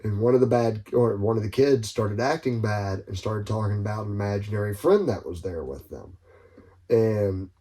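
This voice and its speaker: Profane, animated podcast storyteller man. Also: lowish voice. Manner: loose, profane storytelling with quick asides. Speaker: podcast co-host. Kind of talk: casual podcast banter.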